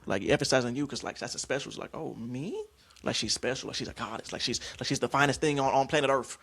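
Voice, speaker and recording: A young man hosting a podcast, casually telling stories about acting class, slangy and animated. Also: mid-range voice, fast talker. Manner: animated, acts out scene lines, slangy. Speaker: podcast host.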